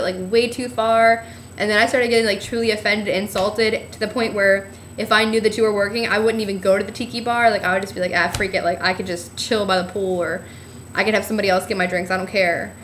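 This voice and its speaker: A young woman telling a chatty, rambling story of her trip in a casual vlog, acting out what people said. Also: a little hiss or hum. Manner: chatty storytelling, acts out quotes with a bright high voice. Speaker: vlogger.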